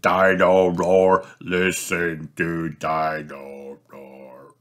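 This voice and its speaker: A jolly toy dinosaur that chants its song in a slow sing-song, as a man puts it on while reading a storybook aloud. The voice stays low and drawn out, with a lively rise and fall. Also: gravelly, husky, exaggerated voice. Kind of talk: children's storybook read aloud.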